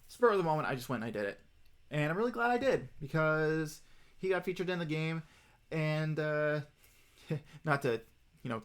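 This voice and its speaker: Rambling excitable male streamer. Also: mid-range voice. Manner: rambling, excitable, many fillers. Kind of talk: casual stream chat.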